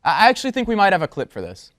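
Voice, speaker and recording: A man hosting a comedic talk show, with a high voice. He introduces guests with showman flair and turns sarcastic. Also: wildly swooping pitch, racing, fairly bright tone.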